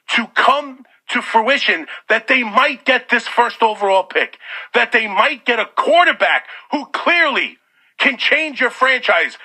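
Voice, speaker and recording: High-pitched ranting New radio host. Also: male voice. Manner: loud, sarcastic, exasperated. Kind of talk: sports talk radio rant. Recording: radio broadcast.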